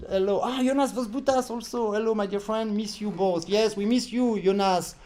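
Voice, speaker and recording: Playful accordion teacher. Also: male voice, sits high, normal speed, few pauses, music in the background. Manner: playful, teasing, sings phrases aloud. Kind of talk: live online lesson chat.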